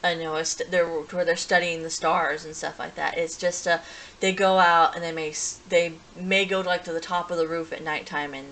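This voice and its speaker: A woman with a lowish voice recaps a story in a loose, casual way. She talks in a rambling stream, restarting sentences and filling gaps with fillers as she goes. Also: steady tone, moderate pace, fairly bright tone, poor audio. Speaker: reviewer.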